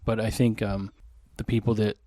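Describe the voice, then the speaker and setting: A man's voice: fairly low pitch, little pitch movement, normal speed, dark tone, dry recording, clean studio sound. A man co-hosting a beer podcast, joking crudely and laughing at his own gags in casual banter. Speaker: podcast co-host.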